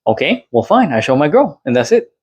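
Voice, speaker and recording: A man's voice: a little high, sing-song, fairly quick, a little mellow, slightly rough, lo-fi sound. Exasperated man ranting to camera. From Latin America. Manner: exasperated, piles up rhetorical questions. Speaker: channel host responding to another creator. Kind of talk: casual rant to camera.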